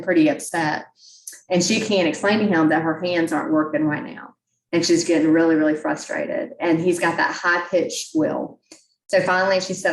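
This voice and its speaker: A woman's voice: fairly low pitch, recorded from a distance. Chatty woman in an echoey room. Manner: folksy, chatty, self-deprecating. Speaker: guest speaker at a club meeting. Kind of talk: storytelling talk. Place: meeting room.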